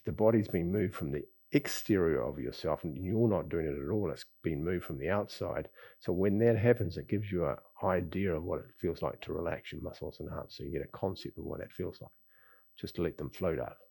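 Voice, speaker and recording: A man teaching a qigong class, talking in an easygoing, rambling way with sighs and soft chuckles. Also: low voice, vocal fry, slightly rough. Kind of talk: relaxed spoken class talk. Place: lives in Bali.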